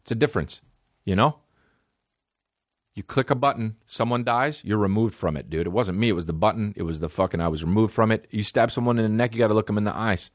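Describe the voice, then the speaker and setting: A man hosting a solo podcast, ranting in a rambling, profane way with big swings in pitch. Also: quick pace, no room sound, studio quality. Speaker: podcast host.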